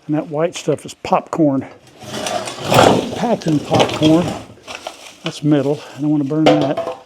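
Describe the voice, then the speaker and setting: An older man, a farm vlogger, narrates casually to viewers while cleaning out an old farm outbuilding and yard, folksy and chatty, coughing from the dust at times. His voice is fairly high and steady in tone, unhurried, and heavy background noise fills the recording.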